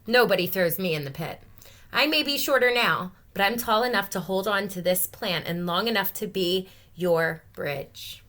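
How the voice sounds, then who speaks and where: A woman voicing a confident yardstick in a storybook, brisk and self-assured. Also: medium pitch, a bit bright, natural voice. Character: sturdy, confident broken yardstick.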